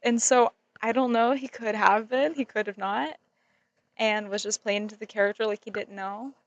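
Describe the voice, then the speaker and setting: A young woman vlogger telling a story in a casual, animated way, giggling often and saying "like" a lot. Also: on the high side, normal speed, no echo, highs cut off. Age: young adult.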